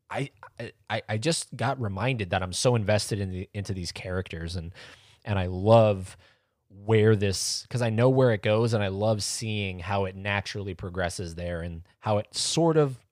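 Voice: low-pitched, darkish tone, no echo, studio quality. Rambling co-host steering a TV review. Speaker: podcast co-host. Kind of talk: casual TV episode review chat.

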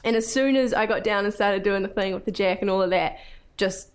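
A woman's voice: mid-range voice, brisk, clean tone. A young woman with a New Zealand accent hosting a casual chat, telling stories and laughing often. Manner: chatty storyteller, laughs often. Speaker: podcast host.

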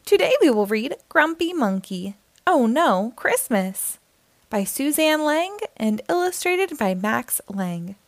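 A woman's voice: high-pitched, very animated, slow pace, no echo. A woman reading a children's picture book aloud, giving the characters their own voices. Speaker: storyteller.

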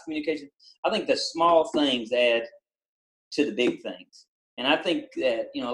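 A middle-aged man with a Southern country accent talks through a casual interview, stopping and restarting his words often. His voice sits at an ordinary middle pitch. The room gives it a noticeably echoey, roomy sound. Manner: halting, repeats words, many fillers. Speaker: basketball coach and former Army drill instructor.

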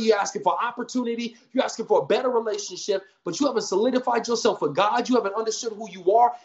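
A man, a pastor, preaching in a podcast conversation with energetic, slangy storytelling and emphatic repeated lines. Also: high voice, lo-fi sound. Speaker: pastor guest.

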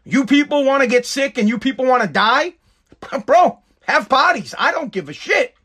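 Very high-voiced man ranting bluntly. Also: expressive, normal speed, pushed and bright, breathy edge. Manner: angry, blunt and sarcastic. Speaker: commentator. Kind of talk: profane ranting commentary.

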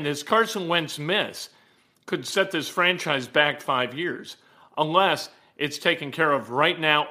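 A man's voice: a little high, bright, forceful tone. A man hosting a sports talk show, giving blunt, emphatic opinions and rattling off player stats. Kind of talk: opinionated sports commentary monologue.

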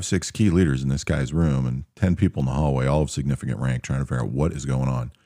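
A man casually telling an army anecdote in a relaxed, matter-of-fact way, acting out the soldiers he quotes. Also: rumbling low, no echo, studio quality. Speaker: storyteller recounting army anecdotes. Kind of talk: casual spoken storytelling.

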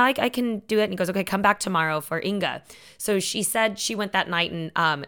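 A woman's voice: sits low, a bit bright, clear, resonant tone. A woman co-hosting a podcast, chatting casually and retelling stories with quoted lines and frequent laughter. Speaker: podcast co-host. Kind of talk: casual chat.

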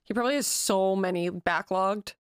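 A woman's voice: mid-range voice, moderate pace, clean tone, no room sound. Woman co-host; level, matter-of-fact, dry close-miked sound. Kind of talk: casual chat.

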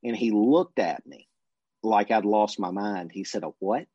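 Male interview guest recounting a story in a laid-back anecdotal way, slightly low voice, dull lo-fi sound. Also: measured pace, husky, no echo. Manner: relaxed anecdotal, briefly mimicking the people he quotes. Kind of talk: casual storytelling. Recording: dull lo-fi recording.

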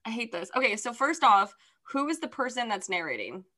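Dramatic, higher-voiced woman podcaster. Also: sing-song, brisk, bright, forceful tone. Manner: dramatic, exasperated, playful. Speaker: podcast co-host. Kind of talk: casual chat about books.

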